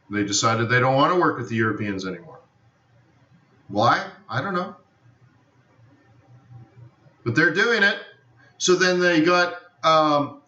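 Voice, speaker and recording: A man's voice: fairly high pitch, bright, forceful tone. A man hosting a live forex trading stream, chatting loosely and often saying he doesn't know. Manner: rambling, repeats "I don't know". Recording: roomy, distant, dull lo-fi sound.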